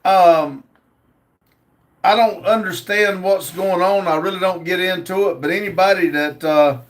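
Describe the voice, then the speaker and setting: A man hosting a casual livestream, talking slowly and easygoing with plenty of uhs. His voice sits fairly high for a man, and he takes his time between words. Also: fairly even intonation, soft background music. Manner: slow, easygoing, many uhs, reads comments aloud. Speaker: livestream host reading chat.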